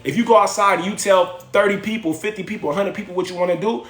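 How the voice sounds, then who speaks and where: A man's voice: high voice, fast, a bit bright, reverberant. A man hosting a livestream from home, giving a slangy, preachy motivational talk that repeats phrases for effect. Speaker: livestream host.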